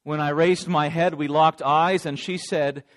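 A man's voice: a little high, steady tone, unhurried, fairly bright tone. A man voicing a remorseful adult male disciple, telling of his denial in a dramatic first-person monologue.

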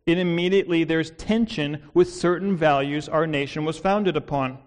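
A man with an American accent preaching an expository sermon as a pastor, earnest and measured, posing rhetorical questions. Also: a little high.

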